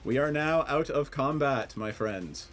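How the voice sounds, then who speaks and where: A male game master narrating a tabletop session with a lively, swooping voice that rises and falls a lot. He talks with a wry, amused edge and laughs easily, over a faint bed of music. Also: medium pitch, unhurried.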